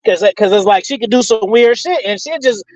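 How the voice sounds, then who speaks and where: Brief: host with a high-pitched voice, profane and slangy, recorded dry and close. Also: male voice, animated, fairly quick, no room sound, lo-fi sound. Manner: profane, rambling, streetwise slang. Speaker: host answering audience questions. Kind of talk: casual Q and A talk.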